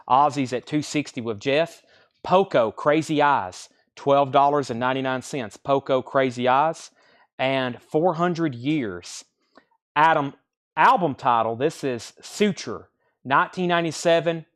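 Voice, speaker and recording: A man hosting a live-streamed record sale, reading off albums, pressings and prices in a loose, friendly patter. He moves quickly from one title to the next and sometimes stumbles over names. His voice sits at a typical pitch. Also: clean tone. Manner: friendly and easygoing.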